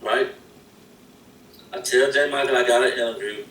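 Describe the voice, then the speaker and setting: A man's voice: medium pitch, steady tone, normal speed, fairly bright tone. A man casually telling a story in a laid-back, slangy, rambling way. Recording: echoey and distant with faint noise.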